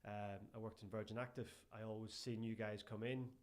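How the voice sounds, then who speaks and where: An Irish man, a strength and conditioning coach, telling lively anecdotes as a guest in a casual interview and often calling the host "mate". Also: lowish voice, fairly quick. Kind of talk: casual podcast interview chat.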